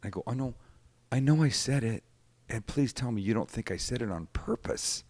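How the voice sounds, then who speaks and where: A man's voice: mid-range voice, normal speed. A man hosting a cooking show, telling stories in casual chat and acting out the people he quotes. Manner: animated storyteller acting out quotes.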